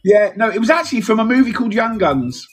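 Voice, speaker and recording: A man's voice: high voice, very animated, fast, husky, faint music behind. A man co-hosting a casual podcast chat, rambling and easily amused. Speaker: podcast co-host.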